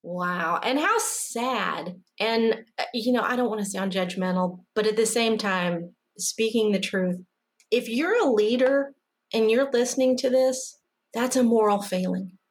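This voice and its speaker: A woman's voice: fairly high pitch, unhurried. A woman hosting an interview, speaking frankly and firmly. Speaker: host. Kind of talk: conversational interview.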